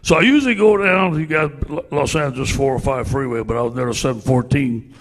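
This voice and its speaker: A middle-aged man with a Cajun accent from Louisiana, a football coach telling folksy, animated anecdotes to a club audience. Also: medium pitch, a little fast, long reverb tail. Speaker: guest speaker, football coach. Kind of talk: storytelling speech to a club audience.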